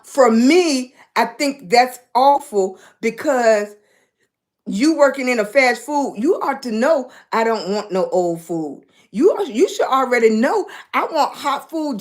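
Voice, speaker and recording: A woman's voice: a little high, animated, unhurried. An older woman hosting a casual livestream, chatting with her viewers and thanking them by name. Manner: chatty, thanks viewers by name, folksy Southern-style speech. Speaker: livestream host. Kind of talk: casual live-stream chat.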